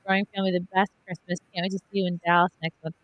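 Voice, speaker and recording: A woman's voice: fairly low pitch, rapid-fire, highs cut off. A woman hosting a casual group chat, gushing as she reads out viewer gifts and thanks them. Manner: gushing, animated reading out gifts. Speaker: host.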